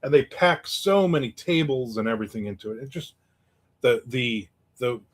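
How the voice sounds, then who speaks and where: A middle-aged man chats loosely on his livestream, drifting from story to story and stopping to read out viewers' comments. His voice sits at an ordinary middle pitch for a man. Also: lively intonation, moderate pace. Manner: rambling, reads viewer comments aloud. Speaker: livestream host. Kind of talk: casual livestream chat.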